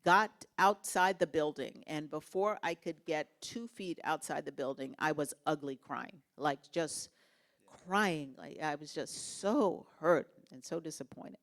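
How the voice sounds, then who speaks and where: A woman with a somewhat low voice shares her life story as an interview guest. She tells it in an earnest, expressive way, and her voice rises and falls as she recounts events at a university talk. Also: unhurried. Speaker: guest speaker.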